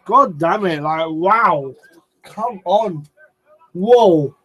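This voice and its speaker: A young man ranting casually on a live stream, excitable and swearing, rambling as he reacts to wrestling. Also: sits high, extremely slow, husky, low-quality recording.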